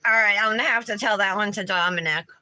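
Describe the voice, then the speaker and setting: A woman's voice: mid-range voice, fast, pushed and bright. A woman chatting casually and telling stories while doing her nails, laughing easily. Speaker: nail vlogger.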